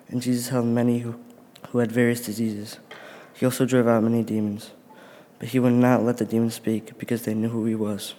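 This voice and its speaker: A man reads scripture in a flat, mellow voice at a steady, careful pace. He restarts now and then. The sound carries a long church reverb. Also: medium pitch. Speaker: scripture reader. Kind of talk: reading scripture aloud in church.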